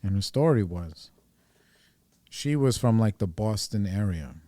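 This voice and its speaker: Low-voiced man in his forties, rambling. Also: expressive, measured pace, warm tone, no echo. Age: 40s. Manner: rambling, profane, candid. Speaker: podcast host. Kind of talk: casual personal storytelling.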